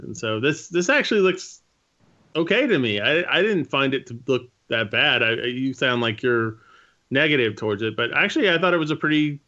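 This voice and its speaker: A man's voice: mid-range voice, pushed and bright, lo-fi sound. A man co-hosting a casual podcast chat, easygoing and a little hesitant as he talks. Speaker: podcast co-host.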